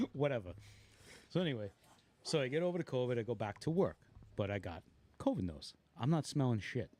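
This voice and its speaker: A man's voice: mid-range voice, sing-song, a little fast, pauses often, darkish tone. A middle-aged man co-hosting a podcast, telling funny stories animatedly and laughing through them. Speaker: podcast co-host. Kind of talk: casual storytelling.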